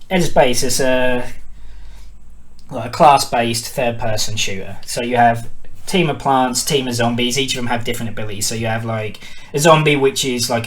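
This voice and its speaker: A man's voice: medium pitch, a bit bright. A British man hosting a gaming podcast, chatting casually, teasing his guest and swearing freely. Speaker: podcast host.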